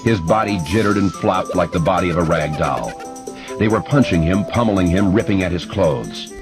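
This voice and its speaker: A man giving expressive, measured narration of a horror audiobook. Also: low voice. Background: music.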